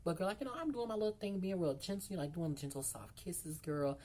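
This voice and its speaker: A woman's voice: on the low side, quick pace, warm tone. A woman, chatting frankly through a storytime. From Memphis, Tennessee. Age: 20s. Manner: chatty, frank, heavy fillers. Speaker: vlogger. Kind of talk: storytime chat.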